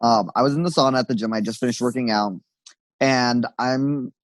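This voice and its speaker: A young man chats on a podcast in an animated storytelling way. He acts out sassy retorts and swears casually. The sound is close and dry, with no room around it. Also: mid-range voice, fairly quick, dry recording, poor audio. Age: young adult. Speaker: podcast co-host. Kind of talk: casual chat.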